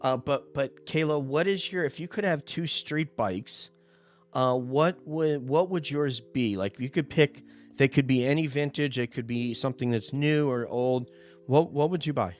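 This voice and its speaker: A man's voice: mid-range voice, normal speed. A man hosting a casual motorcycle chat show, talking with enthusiasm and rambling a little as he sets up questions. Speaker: podcast host.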